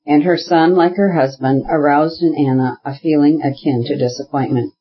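A man narrating a classic novel as an audiobook, in a measured, even reading. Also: a little high, breathy edge, highs cut off. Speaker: audiobook reader. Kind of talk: scripted narration.

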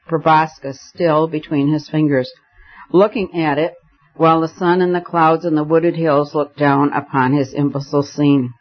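A man narrating a novel in a measured, expressive reading. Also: on the high side. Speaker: audiobook narrator. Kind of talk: scripted narration. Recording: dull lo-fi audiobook recording.

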